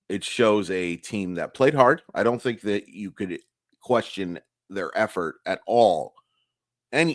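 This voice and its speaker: Hoarse low-voiced man recapping a game. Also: no room sound, studio quality. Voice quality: raspy. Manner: candid, frustrated, rambling with restarts. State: hoarse, losing his voice. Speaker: sports recap host. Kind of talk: casual solo game recap. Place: home room, early morning.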